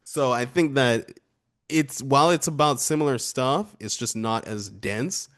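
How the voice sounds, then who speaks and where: A man's voice: mid-range voice, measured pace, a bit bright. A man co-hosting an album review show, chatting casually and laughing often as he reads lyrics aloud. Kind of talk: casual music review chat.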